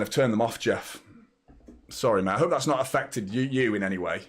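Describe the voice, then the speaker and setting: A man's voice: mid-range voice, fairly quick, breathy edge. A young English man hosting a live football watchalong, chatting casually and rambling to viewers by name. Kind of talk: casual live match chat.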